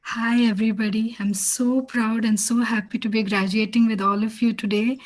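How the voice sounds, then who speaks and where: A woman's voice: fairly high pitch, little pitch movement, normal speed, low-quality recording. A woman from India, a graduating student, giving a grateful graduation speech.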